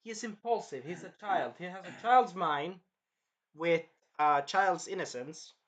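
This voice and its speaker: A man's voice: high voice, measured pace, a bit bright. A man giving a casual episode review, rambling, repeating himself and swearing. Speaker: show reviewer.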